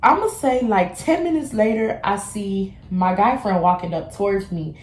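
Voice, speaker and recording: A woman's voice: medium pitch, normal speed, darkish tone, echoey room. Slangy young woman telling a storytime. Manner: slangy, candid, acts out quoted dialogue. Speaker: beauty vlogger. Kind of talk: casual storytime.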